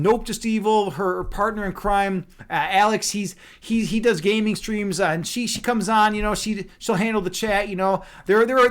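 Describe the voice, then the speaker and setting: A man from Chicago hosting a casual livestream chat, rambling and laid-back, repeating words and saying "dude" and "man" a lot. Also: high voice. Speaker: livestream host.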